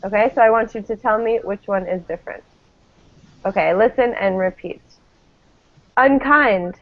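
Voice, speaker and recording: Speaking fairly quickly in a medium-pitched voice, a woman patiently models English words for her students to repeat back. The classroom audio sounds tinny, like a phone.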